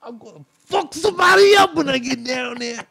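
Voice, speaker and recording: A man's voice: high-pitched, big pitch swings, fairly quick, creaky, pitched above the performer's own voice, heavily acted. A man voicing a huge, hot-tempered man woken from sleep, bellowing curses and threats. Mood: furious.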